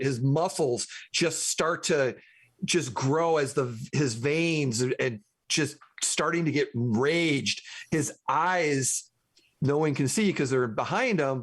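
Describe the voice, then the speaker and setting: A man playing a tabletop role-playing game, eagerly describing his character's actions. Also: a little high. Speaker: player.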